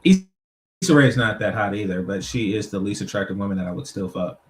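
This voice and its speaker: A man's voice: on the low side, a little fast, low-quality recording. Loose-talking man streamer. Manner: loose, profane, rambling. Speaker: streamer reacting to clips. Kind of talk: casual commentary.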